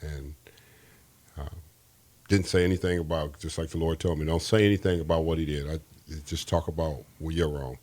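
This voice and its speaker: A man's voice: extremely low pitch, steady tone, normal speed, darkish tone. A man as an interview guest, telling an earnest, rambling faith testimony and often restarting his sentences.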